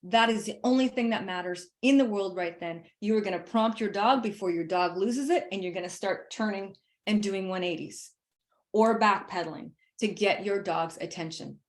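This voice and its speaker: A woman dog trainer talking through leash training in a casual, lively way, laughing often and hammering her points with emphatic asides. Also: mid-range voice, moderate pace. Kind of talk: casual instructional chat.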